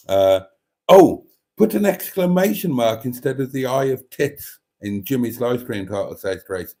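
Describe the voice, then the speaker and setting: Male livestream host reading out chat, amused and chatty, lively pitch, mellow tone. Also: a little slow. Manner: chatty, amused, laughs often. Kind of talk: casual chat reading viewer comments.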